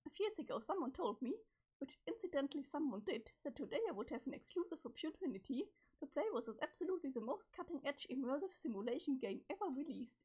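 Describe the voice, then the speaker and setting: A woman voicing an excitable teenage girl who squeals when she gets excited. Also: high-pitched, quick pace. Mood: eager. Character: excitable teen girl, eager gamer.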